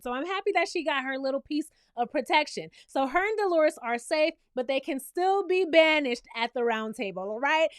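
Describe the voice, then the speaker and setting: Woman, high-pitched, sassy recap host; animated, addresses the viewer directly; dry, close sound. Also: no room sound. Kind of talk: recap and review commentary.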